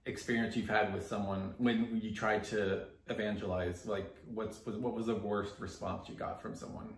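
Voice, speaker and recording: A man co-hosting a casual chat on a walk, talking in a relaxed way and asking questions. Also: fairly low pitch, moderate pace, roomy sound, a little hiss or hum. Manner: relaxed conversational, asks questions.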